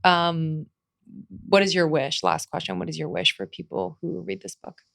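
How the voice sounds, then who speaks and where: Low, gravelly woman podcast host. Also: steady tone, normal speed, fairly bright tone, no echo, clean studio sound. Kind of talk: podcast interview.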